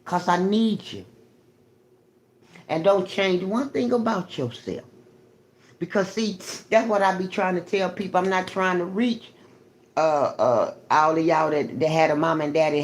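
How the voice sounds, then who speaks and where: A woman hosting a livestream, telling a personal story in a profane, animated, repetitive way. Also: fairly low pitch, normal speed. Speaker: livestream host.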